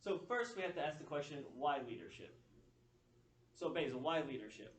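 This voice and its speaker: A man's voice: a little high, moderate pace, slight background noise. Man, motivational speaker, keynote talk, storytelling, echoey room, distant mic. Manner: storytelling, animated quoting of others. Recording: echoey room, picked up from afar.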